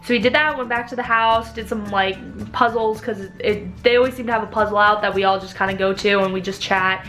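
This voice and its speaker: A woman's voice: mid-range voice, fairly even intonation, fairly quick, fairly bright tone, soft background music. A young woman in her twenties telling a story in a casual vlog, chatty and often laughing. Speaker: vlogger.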